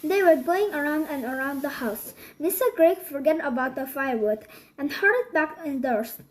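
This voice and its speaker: High-voiced woman reading a children's book. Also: expressive, low-quality recording. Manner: halting reading with frequent restarts. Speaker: storybook reader.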